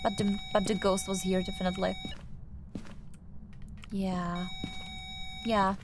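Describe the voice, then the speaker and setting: Soft-spoken woman with a non-native English accent. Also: mid-range voice, little pitch movement, slow, background noise. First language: not English. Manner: hesitant, many fillers and restarts. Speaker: streamer. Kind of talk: casual gameplay commentary.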